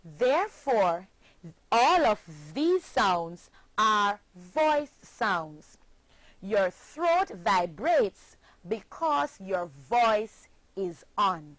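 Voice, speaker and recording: A woman's voice: mid-range voice, big pitch swings, extremely slow, fairly bright tone, dry recording, rough recording. A woman with a Jamaican accent teaching a scripted phonics lesson, spelling words out letter by letter.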